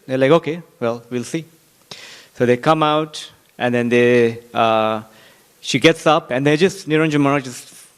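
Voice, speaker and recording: A man giving a sermon-style scripture class in a temple, telling a story with lively acted-out quotes and frequent fillers. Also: mid-range voice. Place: temple hall.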